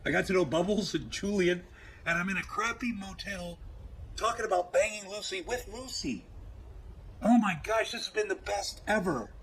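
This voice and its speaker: A man's voice: high voice, moderate pace, fairly bright tone, slight background noise. An awkward, gushing married guy. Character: goofy, married man posing as a trailer park guy. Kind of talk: TV comedy acting.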